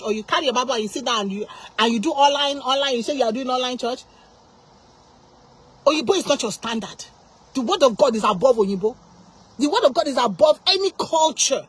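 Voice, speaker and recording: A woman's voice: high voice, slightly rough. A woman preaching an informal sermon, impassioned and full of repeated rhetorical questions.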